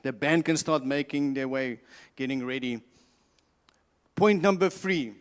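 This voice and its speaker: A man's voice: medium pitch, measured pace, clear, resonant tone. Pastor guy preaching in a big church hall, lots of reverb, repeats himself for emphasis. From South Africa. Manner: emphatic, repeats key lines, stumbles and restarts. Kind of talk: sermon.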